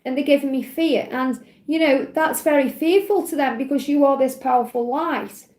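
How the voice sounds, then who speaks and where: A woman's voice: high voice, normal speed, a little mellow, reverberant. A woman giving an earnest, emotional live tarot reading, often saying "you know" and "okay". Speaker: tarot reader. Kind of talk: live-streamed spiritual card reading.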